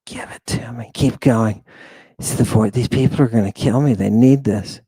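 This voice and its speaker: A man's voice: mid-range voice, normal speed, warm tone, husky, dry recording. A man hosting a livestream lecture, emphatic and sighing often, breaking into asides and checking that his audience understands. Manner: emphatic, keeps asking the audience if they understand. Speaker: host.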